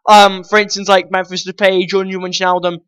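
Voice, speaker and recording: A man's voice: high-pitched, flat delivery, fairly quick, a bit bright, clean tone, no echo, rough recording. A man vlogging casual football commentary, rambling and opinionated, talking straight to his viewers.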